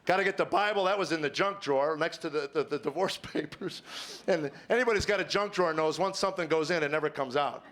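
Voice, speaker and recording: A middle-aged man doing stand-up, telling a story and acting out the dialogue with lively voice shifts. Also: fairly high pitch, fast. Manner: animated, acts out dialogue with voice shifts. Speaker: stand-up comedian. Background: audience laughter.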